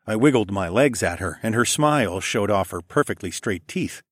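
A man with a fairly low voice reading a first-person audiobook, steady and measured in his storytelling. The sound is close and dry, with no room around it. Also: dry recording. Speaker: audiobook narrator. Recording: dry close studio recording.

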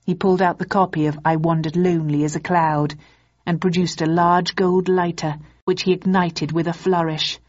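A woman with a low, slightly husky voice reads a novel aloud at a slow, even pace. The sound is close and dry with a dull, muffled tone. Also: dry recording. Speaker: audiobook narrator. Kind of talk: scripted narration.

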